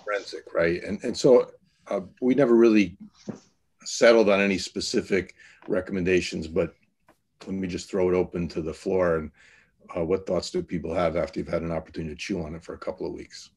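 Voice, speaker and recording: Deep-voiced man chairing a meeting. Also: fairly even intonation, fairly quick, darkish tone, slightly rough. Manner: hesitant, many fillers and restarts. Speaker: task force chair. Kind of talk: online meeting discussion.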